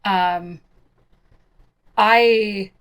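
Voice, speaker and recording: A woman's voice: medium pitch, fairly even intonation, very slow, clean tone, poor audio. A woman playing a tabletop game who talks hesitantly and stammers. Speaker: player.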